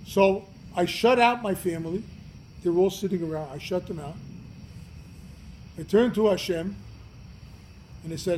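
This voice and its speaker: A man, a rabbi, telling a story during a Torah class in an earnest, emphatic way, his voice rising and falling in loudness. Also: sits high, normal speed, pauses often, a little hiss or hum, rough recording. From United States. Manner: earnest, emphatic, swings from loud to quiet.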